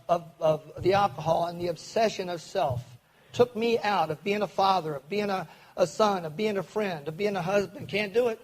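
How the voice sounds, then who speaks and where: A man's voice: high-pitched, darkish tone, poor audio. An older man from Kentucky, telling his recovery story to a meeting audience in an earnest way. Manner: earnest, acts out quoted voices, speeds up and slows down.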